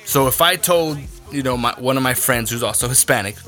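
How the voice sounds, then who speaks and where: A man's voice: mid-range voice, brisk, sharp tone, soft background music. A young adult man hosting a podcast, ranting his opinions bluntly with heavy profanity. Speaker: podcast host.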